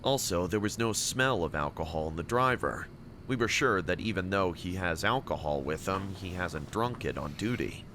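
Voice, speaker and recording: A man reading a scripted first-person story in a steady, measured way. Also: sits low, a little hiss or hum. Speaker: story narrator. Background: music.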